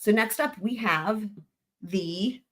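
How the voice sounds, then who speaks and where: Woman streamer, bright and forceful voice, jokey, giggles through legal readings. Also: medium pitch, slow. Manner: giggly, jokey, trails off into laughter. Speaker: livestream host. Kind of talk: casual livestream commentary reading court filings.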